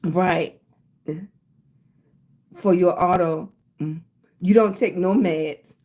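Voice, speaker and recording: A woman's voice: fairly low pitch, drawn-out words, darkish tone. An older woman with a Southern US accent, chatting casually on her livestream and thanking viewers by name with endearments like sweetie and baby. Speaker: livestream host.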